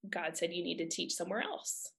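A woman in her thirties from the United States, telling a personal faith story in a lively, emphatic way with frequent laughter. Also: fairly low pitch, fairly quick, vocal fry. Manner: animated, laughing often, emphatic. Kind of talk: casual storytelling.

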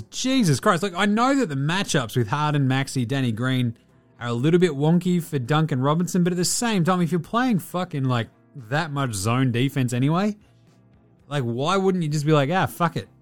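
A man hosting a casual sports talk show, swearing freely and talking in a loose, animated way. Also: a little high, moderate pace, faint music behind. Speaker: podcast host.

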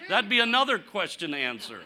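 A man preaching a conversational sermon, candid and humorous, asking rhetorical questions and swinging from punchy lines to near-quiet asides. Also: sits high, fairly quick. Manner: animated, rhetorical questions, sudden drops to quiet; candid, self-deprecating humor. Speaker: pastor.

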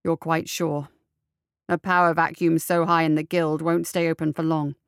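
A woman reading a storybook voicing a scheming male minister with a low, measured, threatening delivery. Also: flat delivery, clear, resonant tone, no room sound, studio quality. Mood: menacing.

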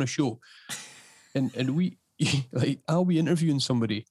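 Animated man telling stories. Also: fairly quick, a little hiss or hum. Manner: animated storyteller, jumps to high voices when quoting. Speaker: podcast guest. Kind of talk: casual interview chat.

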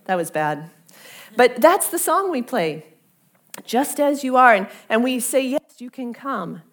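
A woman pastor preaching a sermon in a conversational, earnest way, dropping softly to a near-whisper when she repeats the invitation. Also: fairly high pitch, big pitch swings, a little slow.

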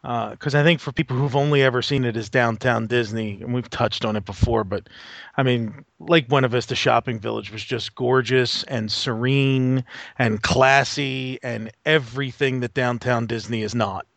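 Gravelly-voiced man in casual chat. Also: medium pitch, steady tone, moderate pace, fairly bright tone, no room sound.

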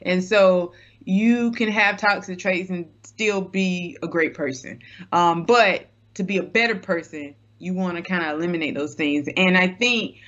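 A woman's voice: lowish voice, measured pace, a bit bright, highs cut off. A woman guest co-host on a podcast, speaking in a thoughtful, reflective, casual way. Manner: thoughtful, reflective, laughs easily.

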